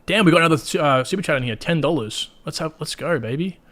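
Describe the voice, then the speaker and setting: A man's voice: a little high, animated, quick pace, fairly bright tone. A man with an Australian accent hosting a live stream, talking casually and bluntly to his viewers with plenty of swearing. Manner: chatty, blunt and profane, talks straight to viewers. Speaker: crypto livestream host. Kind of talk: casual livestream commentary.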